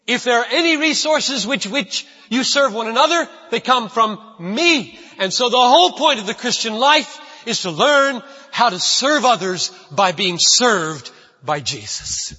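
A man's voice: very high voice, animated, measured pace, pushed and bright, slightly rough. A man preaching a sermon as pastor, emphatic and repeating his key phrases, recorded in a church. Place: church sanctuary. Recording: dull lo-fi sound with long hall reverb.

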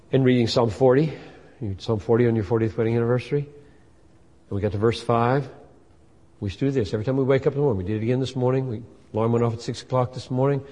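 Earnest older man preaching in a hall. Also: mid-range voice. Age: 60s. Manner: earnest and animated, voice rising for quoted scripture. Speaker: pastor. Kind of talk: sermon. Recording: long hall reverb.

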